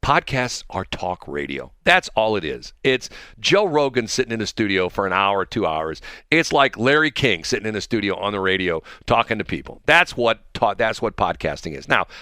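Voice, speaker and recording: A man's voice: fairly low pitch, sharp tone, no room sound. A middle-aged man hosting a live morning radio show in a joking, rambling manner, at a studio mic. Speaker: radio host.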